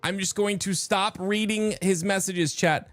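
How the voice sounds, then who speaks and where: A man's voice: high-pitched, fairly even intonation, measured pace, fairly bright tone, dry recording. A man streaming a game live, chatting casually and rambling with his viewers, often interrupting himself. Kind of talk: casual live-stream chat while gaming. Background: faint background music.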